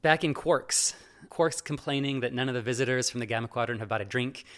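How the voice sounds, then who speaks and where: A man's voice: medium pitch, brisk, a bit bright. A man co-hosts a podcast in a casual, talkative way. His voice sits in an ordinary middle range. He laughs easily and drops into quoted lines as he recaps the story. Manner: chatty, laughs often, acts out quotes. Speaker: podcast co-host. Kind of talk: casual chat recapping an episode.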